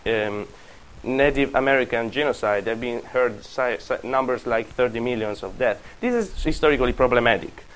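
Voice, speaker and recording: A man gives a classroom lecture in English. He talks at a moderate, middle pitch and often stops to restart his sentences. His delivery is thoughtful and unpolished. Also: a bit bright, low-quality recording. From Italy. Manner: halting, with frequent restarts and fillers.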